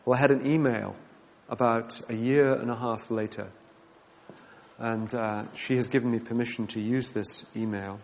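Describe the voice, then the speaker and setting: A man teaching a group in a measured, earnest way, giving a reflective talk and then opening it up for discussion. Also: mid-range voice, fairly even intonation, darkish tone, in a large hall, slight background noise.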